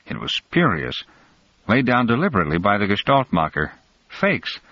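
A cool, cunning schemer lays out his reasoning in a measured, sharp tone, his pitch rising and falling with lively inflection, as a man reads him aloud. The recording is dry and somewhat dull, with a lo-fi edge. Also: no echo. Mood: coolly explaining.

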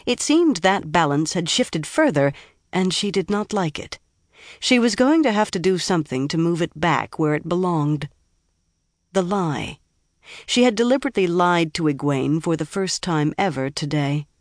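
A woman narrating a fantasy audiobook in a measured, even way. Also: on the low side, no room sound, studio quality.

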